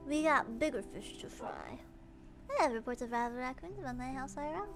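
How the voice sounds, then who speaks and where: A woman's voice: sits high, lively intonation, fairly quick, over music. A woman streamer chatting playfully while gaming, repeating phrases with exaggerated emphasis. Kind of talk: casual game livestream chatter.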